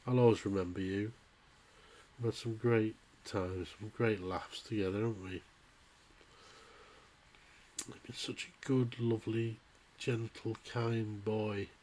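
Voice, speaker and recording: A man speaks in a vlog with a lowish voice, soft and tearful, his sentences breaking off and starting again. A faint noise sits under the recording. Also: fairly even intonation. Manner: halting, soft-spoken, pausing and restarting. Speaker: vlogger. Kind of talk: emotional farewell monologue.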